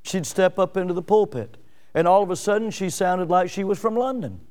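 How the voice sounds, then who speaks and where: Male pastor preaching, kinda high voice, smooth, lots of emphatic questions at the crowd. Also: fairly quick, a little mellow. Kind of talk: sermon.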